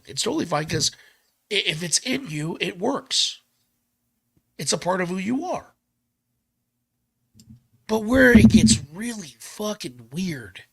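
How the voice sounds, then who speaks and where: A man hosting a podcast, ranting in an animated, emphatic way with some swearing. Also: on the high side, vocal fry, breathy edge. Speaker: podcast host. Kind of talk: podcast rant.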